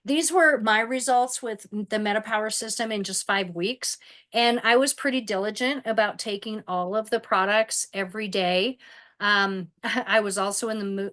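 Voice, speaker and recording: A woman's voice: medium pitch, a bit bright. Woman, middle-aged, wellness presenter, casual talk, video call mic, fillers and restarts. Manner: conversational with frequent fillers and restarts.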